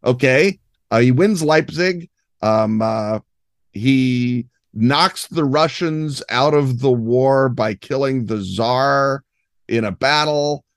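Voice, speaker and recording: A man's voice: medium pitch, slow pace, no room sound, studio quality. A man as guest on a gaming podcast, explaining at length in an erudite, expansive way with many fillers. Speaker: guest game designer. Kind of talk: podcast interview.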